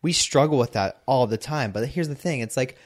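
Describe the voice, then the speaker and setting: A man's voice: medium pitch, fairly quick. A man in casual conversation, talking frankly with lots of "like" fillers. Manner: relaxed, frank, sprinkled with "like". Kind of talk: casual chat.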